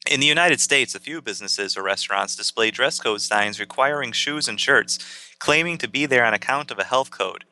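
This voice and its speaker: A man co-hosting a podcast, reading out facts in a relaxed way with many ums and uhs. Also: mid-range voice, a little fast. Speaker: podcast co-host. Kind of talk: casual chat reading aloud.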